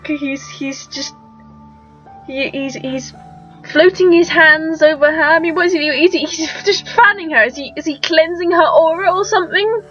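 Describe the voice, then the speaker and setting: A woman's voice: extremely high pitch, normal speed, a bit bright. A young woman reacting to a video, incredulous and exclaiming, often stammering and restarting her sentences. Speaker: reaction vlogger. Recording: dull lo-fi sound with faint music.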